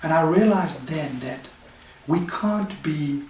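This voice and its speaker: A man preaching a sermon as pastor, emphatic, with quick bursts and slow stressed phrases. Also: a little high, expressive, darkish tone, slight background noise. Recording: echoey room, mic at a distance.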